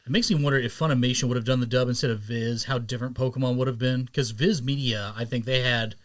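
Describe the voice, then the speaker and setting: Podcast host, a man in his thirties, mid-pitched, rambling and animated in casual chat. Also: fast talker. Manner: rambling, animated storytelling with swearing.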